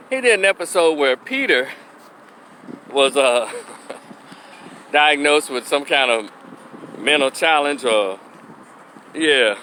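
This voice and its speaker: A fairly high-pitched, sharp-toned man holds forth in a blunt vlog monologue, now and then mimicking the voices he quotes. He's a middle-aged opinion commentator from Memphis, Tennessee. The audio carries a bit of hiss or hum.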